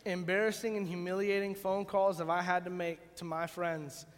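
A man preaching a sermon, telling a funny story in an animated, joking way. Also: sits high, normal speed. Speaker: pastor. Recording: long reverb in a big hall.

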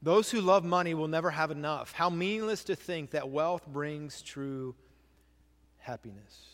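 A man's voice: on the high side, measured pace, in a large hall. A male pastor giving a sermon, repeating key phrases and asking the congregation questions. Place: church sanctuary.

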